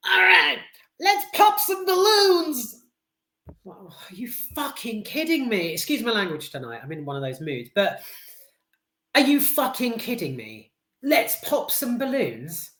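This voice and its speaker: A woman's voice: fairly low pitch, echoey room. A British woman giving a casual, blunt film review, full of swearing, restarts and fillers.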